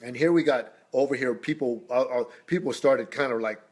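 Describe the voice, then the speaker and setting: A man's voice: medium pitch, normal speed, a little mellow, breathy edge. A middle-aged man telling rambling stories as a guest speaker, breaking off now and then to greet passersby. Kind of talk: casual storytelling.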